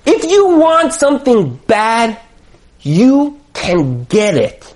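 A man's voice: very high-pitched, wildly swooping pitch, takes it slowly, darkish tone. A man giving an emphatic motivational talk as a marriage coach, hammering home his points with repetition.

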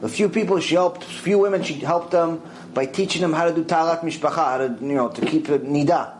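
A man giving a mussar lecture, telling a story with lively acted-out voices. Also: a little fast, slight background noise, low-quality recording. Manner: animated storytelling, acts out quoted voices with big pitch swings. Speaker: Torah teacher.

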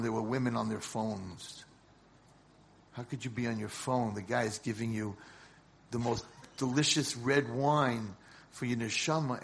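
A man giving a sermon as a rabbi, telling a story dramatically and swinging from hushed lines to shouted ones. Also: medium pitch.

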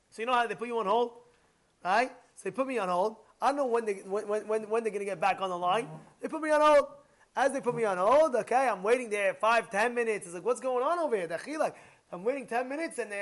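A man giving a Torah class as a rabbi, animated, repeating points and asking his listeners rhetorical questions. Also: very high-pitched.

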